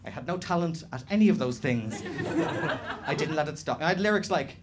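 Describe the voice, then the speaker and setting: A young Irish man doing a stand-up comedy set, animated and swearing, with shouted impressions. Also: on the high side, brisk, noisy background. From Ireland. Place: small comedy venue with live audience. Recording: live club recording with laughing crowd. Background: audience laughter.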